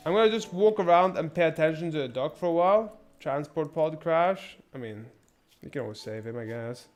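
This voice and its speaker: Male streamer, raised-pitch voice, rambling sarcastic commentary, faint music behind. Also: lively intonation, a little fast. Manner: rambling, crude and sarcastic, many restarts. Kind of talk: casual gameplay commentary.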